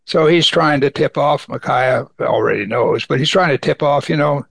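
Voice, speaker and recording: Gravelly man preaching a Bible sermon. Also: mid-range voice, normal speed, few pauses, no echo. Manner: reads scripture aloud and comments conversationally.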